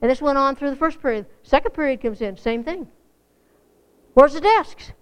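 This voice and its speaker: A woman's voice: sits high, fast talker. A woman preaching a folksy, earnest sermon to a congregation, rising to fervent emphasis. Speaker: church speaker.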